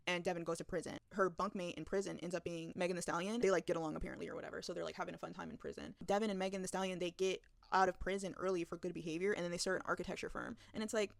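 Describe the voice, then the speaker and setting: Fast-talking young woman recapping a movie. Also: fairly low pitch, fairly even intonation, vocal fry, dry recording. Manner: rapid, profane, full of "like". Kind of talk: casual movie recap commentary.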